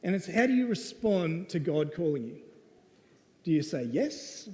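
A man's voice: on the high side, big pitch swings, unhurried, dark tone. A man preaching a casual storytelling sermon, conversational and playful. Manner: conversational and playful, with lots of "right?". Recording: long reverb of a hall.

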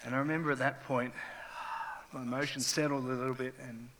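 A man's voice: medium pitch, level tone, brisk, fairly bright tone. A middle-aged man, preaching a sermon as a pastor and telling a raw, emotional personal story. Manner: raw, emotional testimony with rising intensity. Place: church hall. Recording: long reverb of a large hall.

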